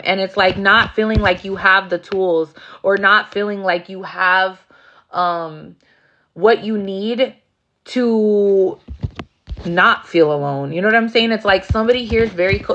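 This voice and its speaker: A woman's voice: medium pitch, moderate pace, fairly bright tone, dull audio, slight background noise. A woman giving a casual tarot reading, blunt and profane, acting out rowdy asides. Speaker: tarot reader.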